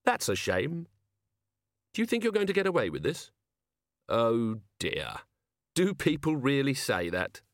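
A man's voice: mid-range voice, huge pitch swings, a little slow, pauses often, no echo, clean studio sound, pitched above the performer's own voice. A man voicing a giggly, unhinged young villain who talks in a mocking, snappish way.

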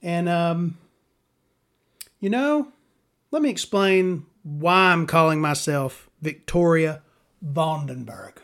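A man's voice: on the high side, slow pace, long pauses, fairly bright tone. A man, hosting a podcast in a rambling, profane, sardonic monologue. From Southern US. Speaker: podcast host.

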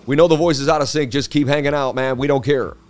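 A man's voice: mid-range voice, fairly even intonation, fast, soft background music. A middle-aged man hosting a casual crypto live stream, chatty, with a sports-presenter delivery. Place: traveling.

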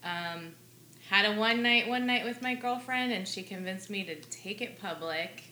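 A woman's voice: medium pitch, measured pace, bright, forceful tone, reverberant, slight background noise. A woman guest talking about her small business in an easygoing, slightly hesitant way. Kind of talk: casual interview chat.

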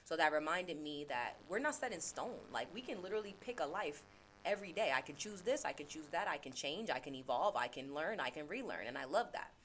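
A woman's voice: sits low, animated, fairly quick, a bit bright, a little hiss or hum. A woman hosting a podcast, talking casually and earnestly about self-reflection, repeating phrases for emphasis. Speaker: podcast host; teacher. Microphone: laptop.

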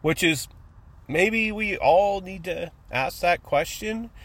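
Slow-talking sarcastic man. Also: high voice, lively intonation, fairly bright tone. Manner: profane, sarcastic, acts out mocking voices. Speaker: podcast host. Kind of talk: casual ranting monologue.

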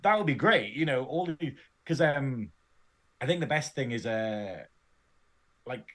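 A man's voice: mid-range voice, animated, unhurried, a bit bright. A man co-hosting a casual fan podcast, rambling and chatty, laughing easily and swearing freely. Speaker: podcast co-host. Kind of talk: casual chat.

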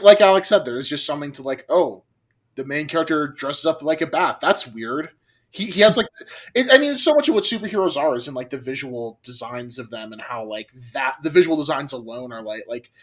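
Rambling man in casual podcast chat. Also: medium pitch. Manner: animated, rambling, swears casually. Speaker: podcast co-host.

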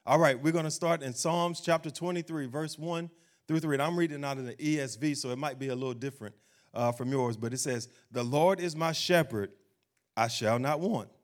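A man preaching a sermon, emphatic, slowing down to read scripture. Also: mid-range voice, fairly even intonation. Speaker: pastor.

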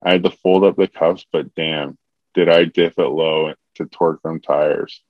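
Deep-voiced man reading comic erotica. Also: steady tone, measured pace, dry recording, narrow, tinny audio. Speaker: comedian reading his own erotica. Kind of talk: comedic reading of a written story.

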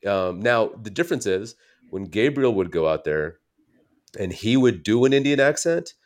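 A man's voice: on the low side, animated, moderate pace. A man from the United States, a comedian guest telling stories in casual interview chat, rambling and correcting himself as he goes. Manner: rambling, self-correcting storyteller.

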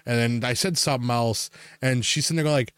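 A man's voice: mid-range voice, quick pace, fairly bright tone, clear, resonant tone, dry recording, studio quality. Rambling, swearing male podcast host. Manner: rambling storyteller, swears freely and laughs a lot. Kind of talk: casual chat.

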